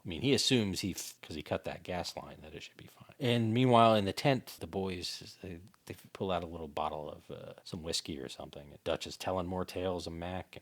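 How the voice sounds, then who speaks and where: A man's voice: low voice, slightly rough. A man co-hosting a podcast, casually recapping a movie in a rambling, self-correcting way. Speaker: podcast co-host.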